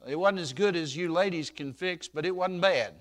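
An older man preaching a sermon in a folksy storytelling way, swelling loud when he quotes scripture. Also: a little high, normal speed.

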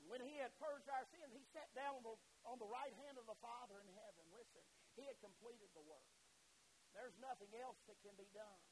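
A man's voice: very high-pitched, a little fast, poor audio. A man preaching a sermon, impassioned and emphatic, repeating himself and breaking in with asides and fillers. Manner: impassioned, rising to loud emphatic peaks; repetitive, with frequent filler and "listen" asides.

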